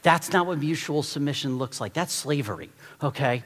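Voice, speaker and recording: A middle-aged man preaches from the pulpit in a slightly high voice, exhorting his listeners and hammering points home by repeating them. His words ring out with the long reverb of a large hall. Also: normal speed. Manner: animated, exhorting and repeating for emphasis. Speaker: pastor. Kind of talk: sermon.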